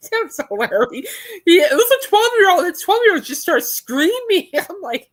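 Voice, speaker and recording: A woman's voice: very high voice, very animated, normal speed. A young adult woman hosting a podcast in casual chat, rambling and laughing often. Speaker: podcast host.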